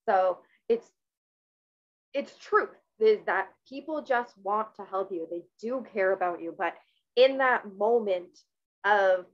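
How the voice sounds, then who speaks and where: A woman's voice: medium pitch, dull audio. A woman from Canada interviewing a guest in a casual, earnest, rambling way with many restarts.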